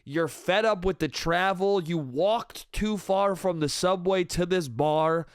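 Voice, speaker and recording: A man's voice: high voice, slow, clear, resonant tone, no room sound, clean studio sound. An American man hosting a solo comedy podcast, ranting in a profane, rambling way and saying "dude" constantly. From United States. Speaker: podcast host.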